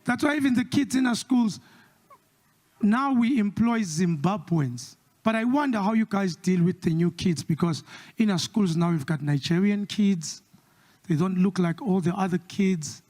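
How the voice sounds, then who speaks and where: A South African man doing stand-up comedy with a South African accent, mixing English and Xhosa and slipping into quick impressions. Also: sits high. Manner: switches between English and Xhosa, lively impressions.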